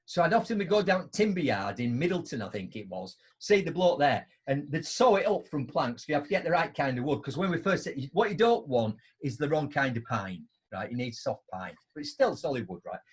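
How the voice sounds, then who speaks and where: A middle-aged man spins a story to his live online audience. His husky voice swings up and down as he acts out both sides of the exchange. He sits a little higher than most men and keeps tagging his lines with a quick "right?". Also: big pitch swings. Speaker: host.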